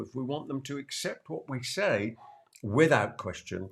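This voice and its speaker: A man's voice: medium pitch, lively intonation, creaky. Emphatic older British man teaching. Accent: British English. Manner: emphatic, repeats key phrases slowly for effect; playful asides. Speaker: sales trainer. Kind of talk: direct-to-camera teaching talk.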